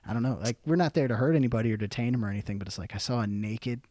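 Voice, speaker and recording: A man's voice: medium pitch, racing, dry recording. Young male podcast guest, army vet, swears a lot, acts out the quotes, dry close sound. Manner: profane, animated storyteller acting out quotes. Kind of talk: casual storytelling.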